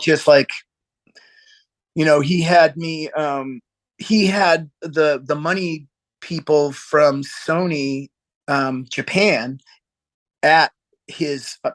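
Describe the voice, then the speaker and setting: A male musician guest, telling a long anecdote in a loose, halting way, with plenty of restarts. His voice sits a bit above the usual pitch for a man. He acts out the quoted lines of the story as he goes. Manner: rambling, halting, with laughs and acted-out quotes. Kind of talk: casual storytelling interview.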